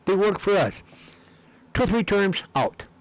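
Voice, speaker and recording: A man's voice: high-pitched, expressive, measured pace, no room sound, rough recording. A man talking in a rambling, casual monologue, meandering and repeating words with many fillers. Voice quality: gravelly. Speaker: video blogger.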